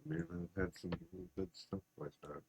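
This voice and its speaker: A man with an extremely deep voice and a gravelly texture chimes in as a podcast guest. He talks quietly and keeps to brief replies, with a light hiss of noise under the recording. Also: wildly swooping pitch, moderate pace. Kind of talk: casual chat.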